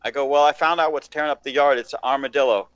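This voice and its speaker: A man's voice: mid-range voice, fast, smooth, no room sound. Male podcast host, rowdy cursing storyteller, dry muffled recording. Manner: profane, animated storyteller, acts out quotes. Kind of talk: casual chat, storytelling. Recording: dull lo-fi dry sound.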